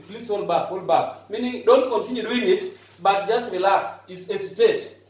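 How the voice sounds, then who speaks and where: Man, English teacher, classroom lesson, patient, repeats phrases, heavy room echo, distant mic. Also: high voice. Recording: very echoey room, voice far off.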